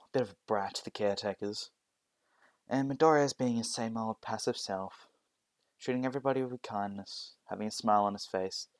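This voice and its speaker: A man's voice: lowish voice, no room sound. A man narrating a fan story casually, hesitant, often restarting with fillers.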